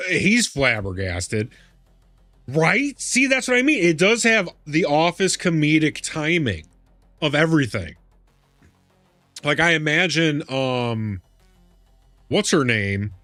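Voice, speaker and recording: A man's voice: a little high, sharp tone, dry recording. A young adult man streaming a game, chatting casually and laughing, often repeating himself. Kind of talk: casual live-stream chat.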